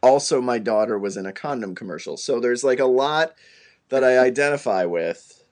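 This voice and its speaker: A man's voice: medium pitch, expressive, moderate pace, a little mellow. A man co-hosting a podcast in casual chat, joking and rambling. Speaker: podcast co-host.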